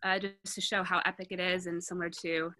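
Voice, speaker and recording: Woman, bright voice, eager, casual pitch, video call. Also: flat delivery, fast. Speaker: student presenter. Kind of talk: presenting a campaign pitch.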